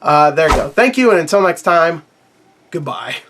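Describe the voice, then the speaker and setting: A man with a slightly high-pitched voice rambles through a casual movie review, swearing freely and laughing at his own points. His throat is sore, so the voice sounds a bit worn. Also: very animated, moderate pace, a bit bright, slight background noise. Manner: rambling, profane, laughs often. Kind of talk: casual spoiler review to camera.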